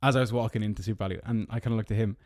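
A man's voice: steady tone, very fast, darkish tone, no room sound, clean studio sound. Rambling young Irish man. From Ireland. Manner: rambling storyteller, sarcastic, mock-squeaky when mocking. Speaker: podcast host. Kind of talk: casual solo podcast monologue. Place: parked car.

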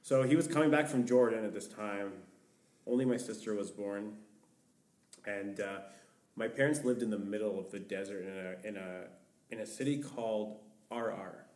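Captured by a distant mic in an echoey room, this young podcast guest tells a long, meandering story peppered with "like." He speaks at a moderate pace in a lowish, somewhat dark voice, in the manner of casual conversation.

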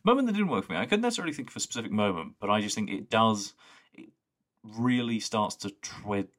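A man with a very low voice co-hosts a podcast in casual chat. He rambles enthusiastically and scatters "like" through his sentences. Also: a bit bright. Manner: rambling, enthusiastic, full of "like" fillers. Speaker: podcast co-host.

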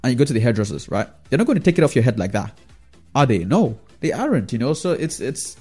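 A man's voice: mid-range voice, lively intonation, quick pace, darkish tone, breathy edge, faint music behind. A man giving a casual, rambling opinion monologue about football as a fan vlogger, often checking in with the listener through tag questions.

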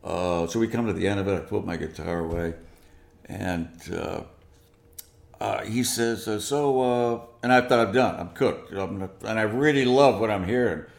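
Gravelly guy telling an animated story in an interview, echoey room. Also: lowish voice, moderate pace. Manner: animated, acts out quoted dialogue. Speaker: guest musician.

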